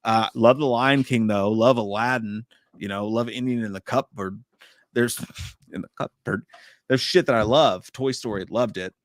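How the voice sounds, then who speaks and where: A man co-hosting a relaxed movie livestream, reading viewer comments and reacting with loose, swear-filled enthusiasm. His voice sits at an ordinary pitch and sounds dry and close to the mic. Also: moderate pace, dry recording. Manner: profane, animated, reading viewer comments aloud. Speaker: podcast co-host. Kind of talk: casual livestream chat.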